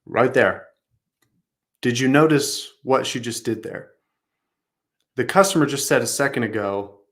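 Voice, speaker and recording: A man's voice: medium pitch, normal speed, fairly bright tone. A man coaching customer service staff, upbeat, acting out sample phone phrases as he comments on recorded calls.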